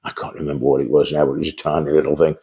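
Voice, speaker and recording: A man's voice: very deep voice, level tone, rapid-fire, dark tone. An older man telling rambling, chatty anecdotes about his early sales days. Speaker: host telling sales stories. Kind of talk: casual storytelling monologue.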